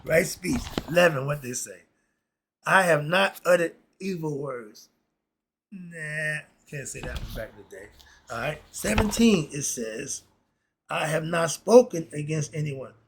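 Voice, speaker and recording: Host, male, gravelly voice, slangy laid-back chuckling reader, faint hiss behind. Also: a little high, expressive, measured pace, fairly bright tone. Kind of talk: casual commentary reading principles aloud.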